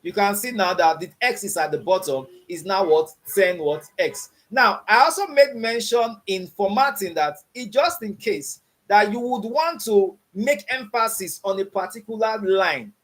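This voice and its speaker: His voice high and a bit bright, a man teaches an introductory coding course online. Checking comprehension repeatedly, he says "you understand what I'm saying?" and challenges learners with "what?"-style open questions.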